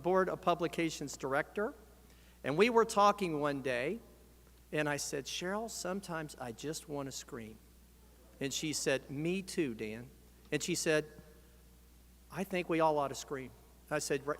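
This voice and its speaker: Speaking at a moderate pace in a slightly high voice, an American organization president addresses a convention in a big hall. He gets the audience shouting and chanting.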